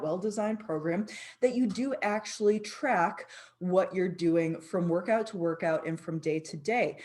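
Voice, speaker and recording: A woman's voice: medium pitch, a little mellow. A woman fitness coach talking straight to camera, telling a playful story with acted-out voices, then giving earnest advice on tracking progress. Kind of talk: comedic vlog monologue.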